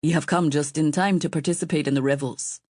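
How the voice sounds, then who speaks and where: A woman's voice: low-pitched, steady tone, fairly quick, darkish tone, no room sound, clean studio sound. A woman voicing a tall bearded nobleman with a thick accent, grand and formal in his welcome.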